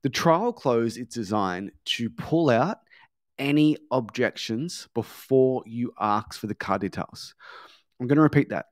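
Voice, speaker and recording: A man's voice: mid-range voice, lively intonation, a little slow, dry recording, studio quality. A man teaching a sales training lesson, coaching in a repetitive, emphatic way and acting out bits of sales dialogue. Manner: coaching, repeats key points, acts out sales dialogue.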